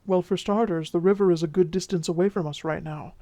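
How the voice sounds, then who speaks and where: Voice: mid-range voice, steady tone, a little fast, no room sound, close to an everyday voice. A performer playing a charming, flirtatious male vampire who speaks with a Mexican Spanish accent, teasing and then soothing in an audio role-play drama. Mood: reassuring. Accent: Mexican Spanish accent, put on by the figure. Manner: teasing, warm, soothing, drops to whispers.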